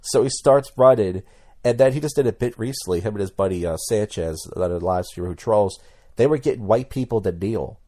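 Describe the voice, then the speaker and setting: A man's voice: on the low side, fairly quick, warm tone. A man talking in a casual commentary vlog as a YouTuber, rambling and blunt, with many restarts.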